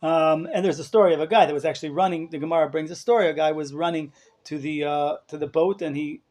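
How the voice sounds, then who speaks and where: A man's voice: on the high side, fairly even intonation, fast, darkish tone. A man rabbi giving a live lecture to a class, emphatic and full of rhetorical questions, dropping in Hebrew terms. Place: study hall class with listeners.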